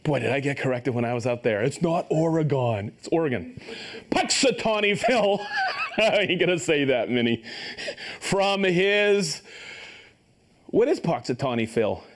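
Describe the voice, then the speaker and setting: A man's voice: on the high side, wildly swooping pitch, a little slow. A man hosting a live stream, upbeat and joking as he reads out viewers' names and hometowns and stumbles over some of them. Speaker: host of a live tool show.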